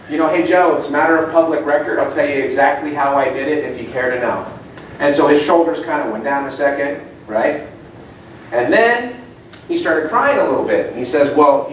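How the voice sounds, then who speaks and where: His fairly high voice moves at a normal speed over a slight hiss or hum. A middle-aged man leads a seminar in a meeting room, a chatty storyteller who keeps asking the room questions. It's recorded from a distance in a space with plenty of echo.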